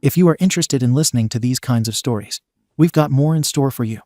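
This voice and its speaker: A man narrates a story in a steady, even reading voice. His tone is mellow and warm, and the recording is dry and close. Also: medium pitch, quick pace, dry recording. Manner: steady reading that spells out abbreviations letter by letter. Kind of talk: scripted narration of an online post.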